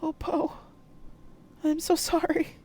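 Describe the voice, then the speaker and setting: A woman's voice: very high voice, flat delivery, takes it slowly, warm tone, voice pushed up. A woman reading aloud, voicing the clingy, reproachful ghost of a mother in a storybook reading. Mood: sorrowful.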